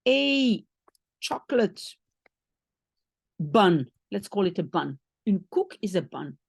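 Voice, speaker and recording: Woman teaching a beginner, slow and patient, breathy voice, lots of up and down. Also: medium pitch, no echo, studio quality. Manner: patient, step-by-step explaining with frequent rephrasing. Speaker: language teacher. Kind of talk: explaining a French lesson to one learner.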